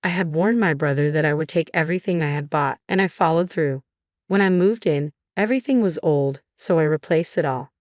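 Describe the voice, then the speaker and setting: Female narrator with a deep voice, steady scripted storytelling, dry close voice-over. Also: fairly quick, no echo.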